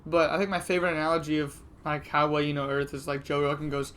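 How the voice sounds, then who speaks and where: A man's voice: a little high, level tone, fast talker, hardly any pauses, a bit bright, slight background noise. A man in his twenties co-hosting a podcast, chatting loosely with frequent laughter and swearing. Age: 20s. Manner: laughs often, loose and profane. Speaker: podcast co-host. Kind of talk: casual chat.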